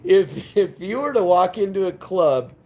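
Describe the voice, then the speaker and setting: Raspy-free, mellow-voiced joking male streamer. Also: sits high, animated, measured pace, a little hiss or hum. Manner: rambling, laughing, profane. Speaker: live-stream vlogger. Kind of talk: casual live-stream chat.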